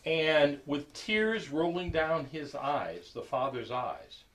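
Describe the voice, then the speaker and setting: A man telling a story to a group in a halting, conversational way, full of fillers, acting out the quoted lines. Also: on the high side, expressive, fairly bright tone, slight background noise, rough recording. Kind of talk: casual spoken storytelling.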